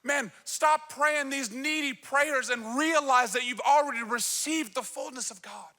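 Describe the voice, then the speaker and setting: High, bright-voiced preaching pastor. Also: male voice, unhurried. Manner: energetic, emphatic preaching. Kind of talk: sermon. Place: church stage.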